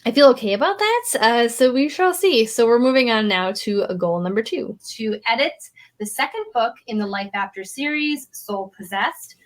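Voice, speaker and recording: A woman's voice: a little high, lively intonation, normal speed, hardly any pauses. A woman author talking in a casual vlog, candid and reflective about her own work. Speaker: author and vlogger.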